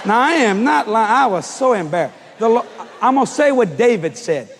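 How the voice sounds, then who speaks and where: A man preaching a comic storytelling sermon, acting out dialogue with sudden shouts, in a large church hall. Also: sits high, big pitch swings, normal speed. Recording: long hall reverb with faint noise.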